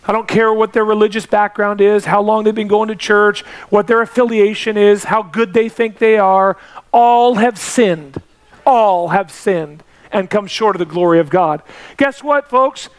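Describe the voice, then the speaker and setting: High-pitched preaching pastor. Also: male voice, steady tone, normal speed, clear, resonant tone. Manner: emphatic preaching with repetition and rising pitch. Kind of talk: sermon.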